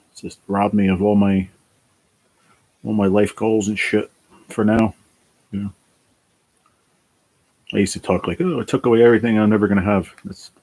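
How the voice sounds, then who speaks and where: A man's voice: fairly low pitch, vocal fry, darkish tone, husky. A worn-out man chatting casually on a livestream, reading and answering chat, sighing and swearing now and then. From New Jersey.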